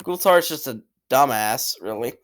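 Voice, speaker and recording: Man, casual commentary, blunt and rambling, swears, very animated pitch. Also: normal speed. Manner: rambling, blunt, swears freely, repeats himself. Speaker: channel host ranking cartoon characters.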